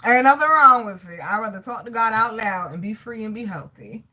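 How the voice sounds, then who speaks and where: A woman giving a casual live tarot reading, slangy and swearing freely, greeting her chat by name and talking to God out loud between points. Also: fairly high pitch, lively intonation, fairly quick, very noisy. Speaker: tarot reader.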